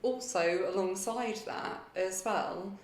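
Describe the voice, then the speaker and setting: A woman co-hosting a casual podcast chat, thoughtful and earnest, pausing with fillers as she works through her ideas. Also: mid-range voice, slight background noise. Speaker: podcast co-host. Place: kitchen table at home. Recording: echoey kitchen room.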